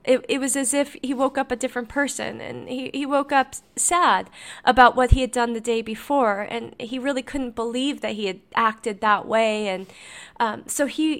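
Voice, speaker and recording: Motivational podcast host, woman, a touch high-pitched, earnest and reflective storyteller. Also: fairly bright tone.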